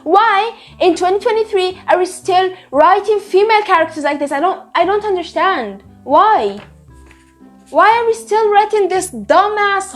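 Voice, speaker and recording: A woman's voice: very high voice, animated, moderate pace, soft background music. A young woman ranting about a book, exasperated, sarcastic and full of swearing. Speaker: book reviewer. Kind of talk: casual book review rant.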